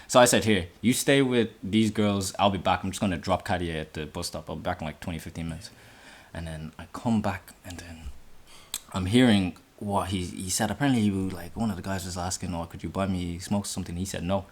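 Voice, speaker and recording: A young male podcast host tells a story in casual chat, swearing a lot and breaking into sudden high-pitched outbursts whenever he quotes himself. He talks fairly quickly.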